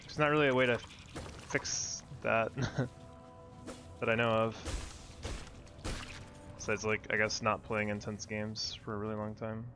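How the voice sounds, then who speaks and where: A man's voice: fairly low pitch, level tone, unhurried, pauses often, music in the background. A young man streaming a game, chatting casually and rambling with lots of fillers, laughs and casual swearing. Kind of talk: casual gameplay commentary.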